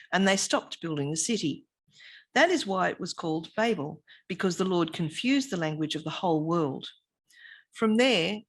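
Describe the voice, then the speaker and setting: A woman with a somewhat low voice reads a scripture passage aloud. Her delivery is steady and measured, with a calm reading cadence. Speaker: scripture reader.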